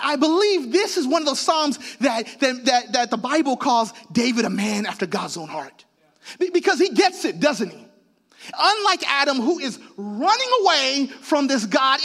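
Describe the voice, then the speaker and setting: A middle-aged man preaching a sermon with passion, stumbling over his words in quick restarts and swinging from hushed tones to emphatic lines. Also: high voice. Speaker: pastor.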